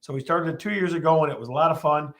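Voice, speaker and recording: A man's voice: fairly high pitch, rapid-fire, a bit bright. A man hosting a live-streamed real estate show, talking with lots of energy and repeating his questions to the viewers.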